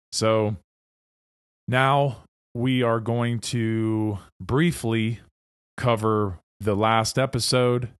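A man with a somewhat low voice lectures at an unhurried, deliberate pace, explaining his ideas earnestly. He often pauses to check in with his listeners, asking "okay?". The sound is dry and close, with no room echo. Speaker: host of an esoteric presentation series.

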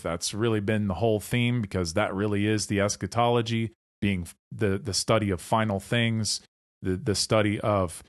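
A man with a fairly low voice hosts an esoteric presentation series, delivering an explanatory monologue lecture. He explains ideas earnestly and often checks in with listeners by asking "okay?", recorded dry and clean in a studio.

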